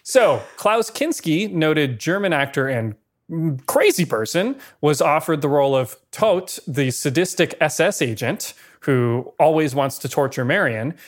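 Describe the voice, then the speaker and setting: A man with a slightly higher voice co-hosts a casual podcast about old movies. He tells behind-the-scenes stories in a lively way, full of asides and small chuckles. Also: unhurried. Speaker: podcast co-host. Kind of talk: casual film-history chat.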